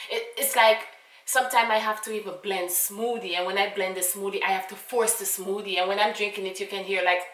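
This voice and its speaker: Bright-voiced Jamaican woman telling a story. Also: mid-range voice, recorded from a distance. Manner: animated, full of fillers and asides. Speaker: vlogger. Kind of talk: casual storytime. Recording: roomy, away from mic.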